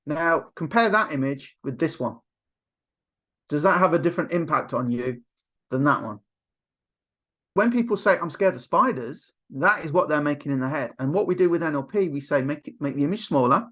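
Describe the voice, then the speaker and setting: A man giving a motivational coaching talk, telling stories with lively acted-out quotes. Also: a little high. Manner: animated storyteller, acts out quotes. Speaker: NLP coach.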